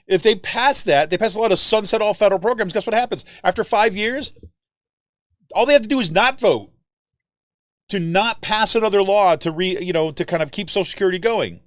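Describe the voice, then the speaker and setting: High-voiced man riffing on politics. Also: a little fast, no room sound, studio quality. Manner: animated, rambling, frequent "right?" tags and fillers. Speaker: political podcast host. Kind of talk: casual political commentary.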